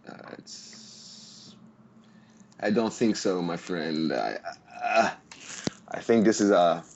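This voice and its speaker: Low-voiced hesitant male player, lo-fi. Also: slow pace, slight background noise. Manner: hesitant, stop-start. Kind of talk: casual tabletop play. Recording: dull lo-fi mic.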